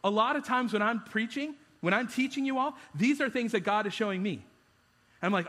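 A man's voice: sits high, fast, bright, forceful tone, big-room sound. A man preaching a sermon as pastor, conversational and self-deprecating, often restarting his sentences.

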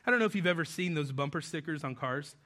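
High-voiced, joking young pastor. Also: male voice, lively intonation, fast, bright, forceful tone. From New Mexico. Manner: conversational and joking, acts out quoted voices. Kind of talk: casual sermon.

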